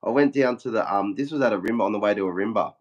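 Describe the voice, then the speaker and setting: A man's voice: lowish voice, rapid-fire, muffled recording. A young Australian man casually telling a story, swearing often and acting out what everyone said. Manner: swears a lot, acts out quotes in a flat retelling. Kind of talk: casual chat.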